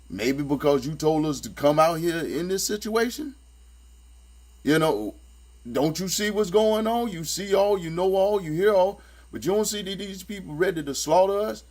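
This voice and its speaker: At a moderate pace and with lively intonation, this man reads from scripture and picks it apart in casual commentary. He sounds streetwise and sarcastic, hammers his points home, and says them more than once, all over a faint electrical hum.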